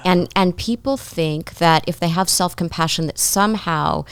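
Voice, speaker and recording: A woman's voice: fairly low pitch, normal speed, smooth, no room sound. A woman psychotherapist guest giving thoughtful conversational advice, explaining her points through stories about clients.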